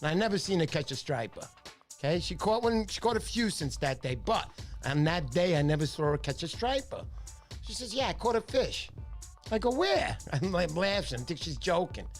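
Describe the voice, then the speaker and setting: A man hosting a casual fishing livestream, chatty and animated, with a stuffy nose from a cold. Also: a little high, a little fast, soft background music. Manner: chatty storyteller, animated impressions.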